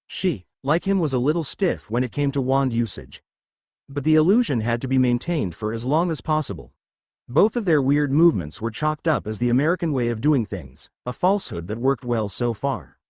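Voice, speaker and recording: Dry, lively male story narrator. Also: mid-range voice, no echo. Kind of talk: scripted fan fiction narration.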